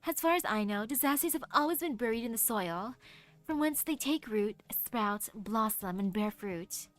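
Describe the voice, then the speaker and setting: A woman voicing a calm, ominous stranger who speaks in slow, measured tones with veiled menace. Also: fairly high pitch. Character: calm ominous stranger giving a cold warning.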